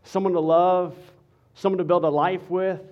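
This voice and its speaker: Pastor, male, high voice, playful animated preaching, slightly dull lo-fi sound. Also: normal speed. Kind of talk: sermon with humor.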